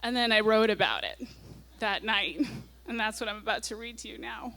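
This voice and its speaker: A woman's voice: fairly high pitch, normal speed, bright, forceful tone. A woman in her forties stands at a stage mic and reads from her teenage diary with comic timing. She breaks off for dry, knowing asides, then throws herself back into the breathless entries. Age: 40s. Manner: wry asides, reads diary passages with mounting gusto. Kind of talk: live comic diary reading. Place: stage at a nightclub before an audience.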